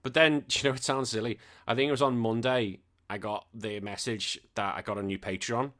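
A man's voice: medium pitch, fairly even intonation, fairly quick, a bit bright. A man hosting a podcast in casual chat, joking, swearing and laughing as he reads listener messages. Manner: swearing, jokey, laughs often. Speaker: podcast host.

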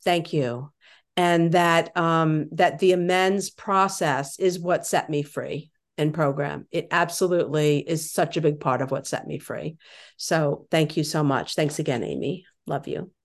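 A woman's voice: low voice, a little slow. A woman giving a reflective, hesitant recovery share over a video call. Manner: reflective, hesitant, many fillers. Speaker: meeting member sharing.

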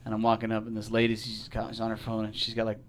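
A man's voice: fairly low pitch, fast talker, a little hiss or hum. Profane storyteller man on a podcast. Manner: profane, animated storyteller acting out quotes. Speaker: podcast guest. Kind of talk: casual storytelling chat.

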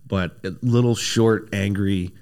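A man, a former army special operations soldier, telling long stories as a podcast guest, animated and full of fillers and restarts. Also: on the low side, measured pace, smooth. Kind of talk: casual interview storytelling.

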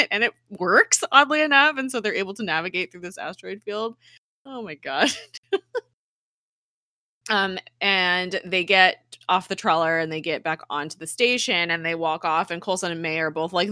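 A woman's voice: fairly low pitch, normal speed, pushed and bright, no room sound, clean studio sound. A woman recapping a TV episode in a chatty way. She acts out the characters' lines and fills her speech with "like". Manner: chatty retelling, acts out dialogue, many "like" fillers. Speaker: podcast host recapping a TV episode. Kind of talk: casual chat.

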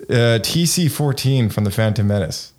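A man's voice: medium pitch, lively intonation, normal speed, darkish tone. A man co-hosting a casual chat, rambling and full of fillers and hedges. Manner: rambling, filler-heavy, hedging. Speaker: podcast co-host.

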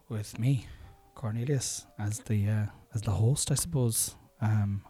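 A man's voice: on the low side, unhurried, few pauses, dark tone, dry recording. Middle-aged man hosting a rambling podcast. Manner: rambling, self-mocking, many fillers. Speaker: podcast host and stand-up comedian. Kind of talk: casual podcast chat and mic tests. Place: room at home.

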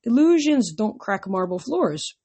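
A woman's voice: medium pitch, very animated, unhurried, warm tone, husky, heavily acted. A woman voicing a defiant teenage boy who talks urgently and emphatically.

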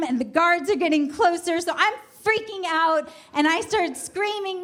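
High-voiced woman telling a wry story. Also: a little slow, hardly any pauses, fairly bright tone. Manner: wry, self-mocking, builds tension. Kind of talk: first-person comic storytelling.

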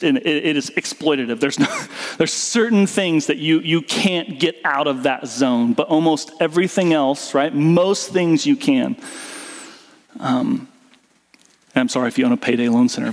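A man preaching a sermon as pastor, earnest and conversational, with fillers and restarts. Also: a little high. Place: church sanctuary. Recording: church hall reverb with guitar music.

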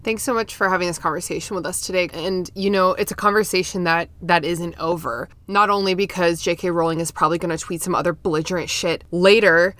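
A woman's voice: lowish voice, fairly even intonation, quick pace, few pauses, a bit bright. A woman hosting a podcast, chatting casually, swearing freely and laughing often. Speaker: podcast host.

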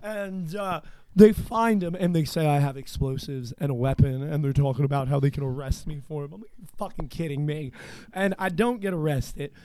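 A man's voice: fairly high pitch, moderate pace, clean tone, dry recording. Foul-mouthed guy telling stories. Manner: profane, animated storyteller. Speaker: podcast host. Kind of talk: casual storytelling chat.

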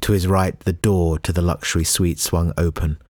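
A man reading a novel aloud as an audiobook narrator, in a measured, even storytelling delivery. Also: sits low, no echo, clean studio sound. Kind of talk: scripted narration.

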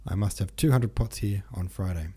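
A man's voice: lowish voice, moderate pace, warm tone, husky. A man reading an audiobook, voicing a fussy, flustered old count who gives orders with many exclamations.

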